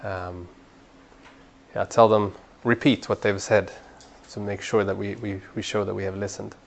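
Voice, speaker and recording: A man's voice: fairly low pitch, a little slow, creaky. Earnest man teaching a training class. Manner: earnest, repeats words while building a point, grows animated when urging. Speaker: Bible study trainer.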